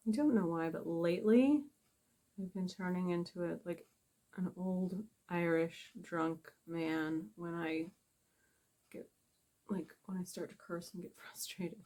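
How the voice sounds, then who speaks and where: A woman's voice: on the low side, a little slow, mellow. A middle-aged woman chatting casually through a makeup tutorial. She is blunt, swears freely and pokes fun at herself. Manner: blunt, profane, self-mocking. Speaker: makeup vlogger.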